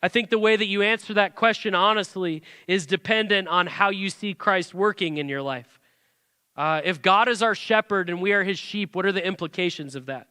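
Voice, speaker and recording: A man's voice: high voice, moderate pace, pushed and bright, clean tone, dry recording, studio quality, long reverb tail. A man, a pastor preaching a sermon in a church sanctuary, talking conversationally with many rhetorical questions.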